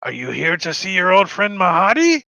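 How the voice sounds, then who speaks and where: A man's voice: sits high, wildly swooping pitch, moderate pace, creaky, sharp tone, dry recording, voice pushed up, exaggerated voice. A man voicing a friendly, insistent male merchant with an Indian accent. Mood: effusive, insistent.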